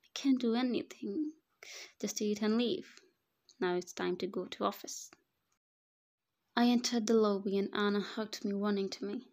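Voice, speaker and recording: A woman's voice: mid-range voice, fairly even intonation, normal speed, long pauses, darkish tone. A woman narrating a first-person romance story, dramatic, at times dropping to a whisper. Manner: dramatic, breathy whispered asides. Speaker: fan fiction reader.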